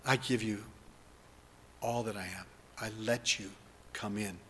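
A man preaching and leading the listeners in an earnest spoken prayer, moving between hushed lines and fervent ones. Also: fairly low pitch, fairly even intonation, measured pace, in a large hall, a little hiss or hum. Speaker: pastor.

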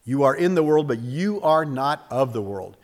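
A man preaching a sermon with lots of energy, acting out little scenes and jumping up and down in pitch and loudness. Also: normal speed, long reverb tail. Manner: animated, acts out little scenes with sudden jumps in pitch and volume. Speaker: pastor.

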